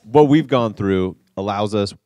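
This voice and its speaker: A man with a very low voice hosts a church conversation. He talks in a reflective, rambling manner and reads scripture aloud. His voice sounds close and dry. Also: a little slow, warm tone, no echo. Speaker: church host interviewing a guest. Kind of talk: conversational interview with scripture reading.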